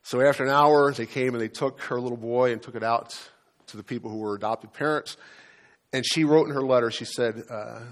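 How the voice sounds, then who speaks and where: A man preaching a sermon as pastor, telling a personal story in an earnest, halting way with frequent restarts. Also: medium pitch, steady tone. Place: church.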